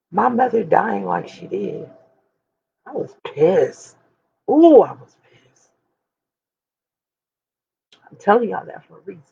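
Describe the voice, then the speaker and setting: A woman's voice: fairly low pitch, gravelly, a little mellow, muffled recording, a little hiss or hum. A woman of forty talking candidly and emphatically to her viewers, speaking straight to them like a preacher. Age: 40s. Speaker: host. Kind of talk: candid personal talk to viewers.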